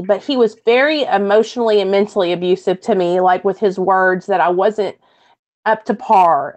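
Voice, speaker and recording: A woman guest recounting her own hard past, emotional and halting. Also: mid-range voice, dull audio. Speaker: guest sharing her story. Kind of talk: personal testimony on a stream.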